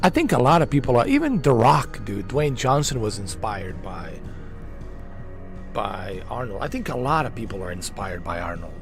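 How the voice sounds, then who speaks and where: A man's voice: lowish voice, sing-song, normal speed, soft background music. A man streaming a game, chatting casually and enthusiastically, repeating himself and dropping slang like "man" and "dude". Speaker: gaming streamer. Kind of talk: casual chat over gameplay.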